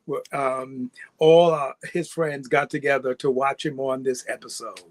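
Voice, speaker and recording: A middle-aged man from New York, a guest actor telling his story in a relaxed, rambling way and laughing often. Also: medium pitch, unhurried, no echo. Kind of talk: casual interview storytelling.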